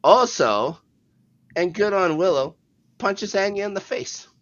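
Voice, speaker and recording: A man's voice: sits high, animated, a little slow, fairly bright tone, muffled recording. A man co-hosting a podcast, casually recapping a TV episode in a laid-back, rambling way with a chuckle now and then. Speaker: podcast co-host.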